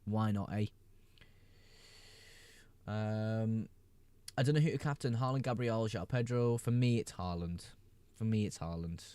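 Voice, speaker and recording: Mellow-voiced man on a casual live stream. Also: lowish voice, clean tone, no room sound. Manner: reads viewer questions aloud and answers quickly, laughing often. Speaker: fantasy football streamer.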